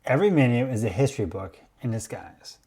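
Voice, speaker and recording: A man hosting a podcast, telling food history in a measured, explanatory way. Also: mid-range voice, animated, warm tone, husky. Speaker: podcast host.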